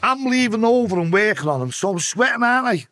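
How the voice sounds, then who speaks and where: This Liverpool-accented man has a high, fairly bright voice that is sing-song and fast. Guesting on a podcast, he delivers an emotional story full of swearing, performing the voices of the characters in it.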